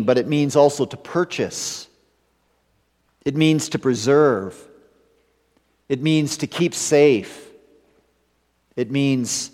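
A man preaching an evening sermon in a measured way, rising to emphatic stresses and dropping to hushed low endings. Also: long reverb tail. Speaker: pastor.

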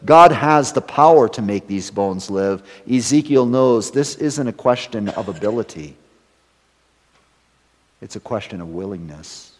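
A man's voice: lowish voice, expressive. Preaching man in a reverberant hall. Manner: measured preaching, trailing off at phrase ends, rising loud for emphasis. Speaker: pastor. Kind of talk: sermon.

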